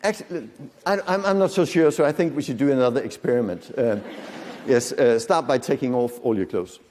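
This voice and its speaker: A man's voice: medium pitch, a little fast, darkish tone, a little hiss or hum. A man in his fifties giving a live conference lecture, talking conversationally with jokes and questions for the audience. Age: 50s. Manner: conversational, joking, quizzes the audience. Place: large conference hall. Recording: long hall reverb from the lecture room.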